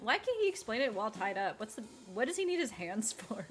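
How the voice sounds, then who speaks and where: A woman's voice: a little high, sing-song, quick pace, hardly any pauses, faint music behind. A woman streamer chatting casually and joking between game lines, laughing often. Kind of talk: casual live-stream chat.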